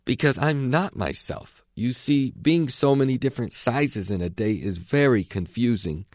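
A shy, well-mannered young girl answers hesitantly and politely, put on by a man reading aloud. Her pitch moves widely, in a dry recording. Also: animated, moderate pace, dry recording, close to an everyday voice.

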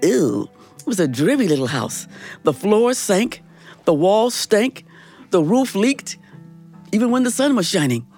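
A woman's voice: medium pitch, unhurried, pauses often, soft background music. A woman telling a fractured fairy tale live, playful and chatty with her listeners. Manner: playful, animated, chatty with the audience. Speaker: storyteller. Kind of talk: live storytelling performance.

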